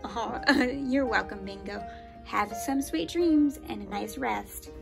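A woman's voice: fairly high pitch, takes it slowly, gravelly, music in the background, voice pushed down. A woman voicing a kind, teasing cartoon father dog tucking his kids in during toy pretend play. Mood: gentle.

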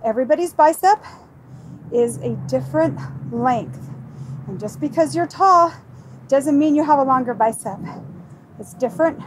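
A woman's voice: high voice, expressive, normal speed, pauses often, a little hiss or hum, rough recording. A woman fitness instructor leading a workout, calling out moves and countdowns in an upbeat, coaching way while she exercises along.

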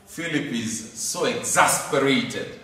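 A man's voice: medium pitch, slow pace, pushed and bright. A man teaching a lesson on scripture, speaking emphatically, repeating key phrases and asking rhetorical questions. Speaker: Bible teacher. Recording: echoey hall from far off.

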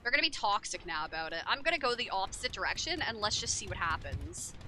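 A woman's voice: mid-range voice, very animated, fast, sharp tone, slight background noise. A young woman streaming a horror game, talking to her chat with frequent swearing and frustration. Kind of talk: casual game commentary.

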